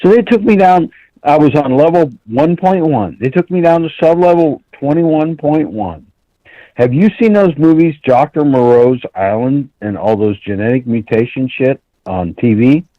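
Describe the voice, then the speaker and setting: A man's voice: a little high, normal speed, no echo. Profane man telling a story over a muffled call. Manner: blunt, profane, animated, acts out quoted dialogue. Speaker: caller. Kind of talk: storytelling phone call on a talk show.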